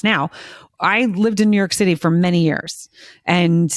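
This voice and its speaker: A woman's voice: fairly low pitch, measured pace, no echo, studio quality. A woman hosting a podcast, talking earnestly in casual conversation and repeating phrases for emphasis. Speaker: podcast host.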